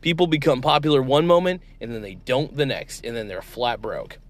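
A man's voice: medium pitch, brisk. A man hosting a comedy sketch interview, playing a mock-outraged, exasperated interviewer. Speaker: show host.

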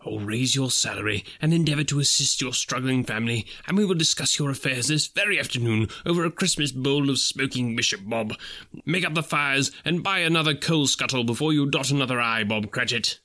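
A man voicing an old miser, newly kindly, who speaks softly and slowly in a storybook reading. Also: medium pitch. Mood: warm. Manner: soft, hushed and slow.

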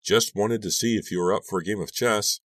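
A man voicing a soft-spoken, worried father in an audiobook. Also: lowish voice, brisk, no room sound, studio quality, voice pushed up. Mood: concerned. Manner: soft, hesitant. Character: gentle worried middle-aged father.

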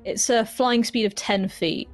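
A woman's voice: fairly high pitch, measured pace, faint music behind. A woman playing a tabletop game who talks eagerly and hedges with fillers as she describes her moves. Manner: eager, chatty, hedging with fillers. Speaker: player. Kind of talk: casual chat at a tabletop game.

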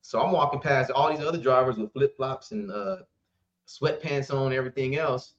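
Animated man telling trucking stories. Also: medium pitch, normal speed. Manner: animated storyteller, acts out dialogue, laughs often. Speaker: trucking company owner, guest. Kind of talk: casual storytelling interview. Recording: roomy, slightly dull sound.

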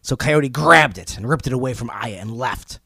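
A man retelling an old legend on a podcast in a loose, joking way. He speaks at a mid pitch, and his voice is dry and close to the mic. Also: lively intonation, normal speed, vocal fry, sharp tone, breathy edge, no echo. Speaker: podcast host, storyteller. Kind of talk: casual storytelling podcast.

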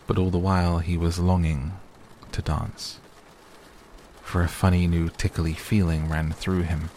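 A man softly and gently reading a bedtime story aloud as narrator. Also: low-pitched, a little hiss or hum. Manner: gentle, hushed. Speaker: audiobook narrator. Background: soft rain sounds.

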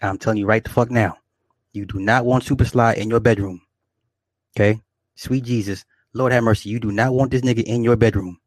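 A man's voice: on the low side, steady tone, fairly quick, no room sound. A man delivering a profane, boastful comedic rant to his viewers, repeating himself and laughing often. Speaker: vlogger.

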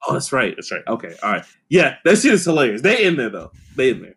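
A man's voice: medium pitch, big pitch swings, fast talker, a bit bright, husky. A young man co-hosting a podcast in casual chat, laid-back, laughing often and swearing freely. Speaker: podcast co-host.

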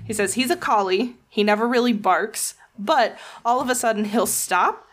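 A woman's voice: on the high side, moderate pace, fairly bright tone. A woman from the American South, co-hosting a casual podcast and joking wryly as she reads through her notes. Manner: wry, joking, playful. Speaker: podcast co-host. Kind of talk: casual chat, reading researched notes.

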